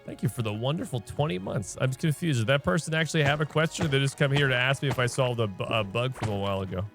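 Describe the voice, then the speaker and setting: A man's voice: medium pitch, fast, fairly bright tone, soft background music. A man streaming a video game, chatting casually and thinking aloud while he plays, often firing off questions. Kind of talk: casual let's-play commentary.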